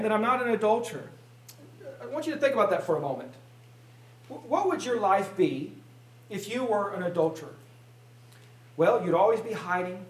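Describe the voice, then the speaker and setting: A pastor with a high-pitched voice delivers an emphatic sermon, stumbling over repeated words as he drives each point home. His voice rings through a roomy church sanctuary, picked up from a distance, with a clear echo around it. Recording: roomy sound from a distant mic.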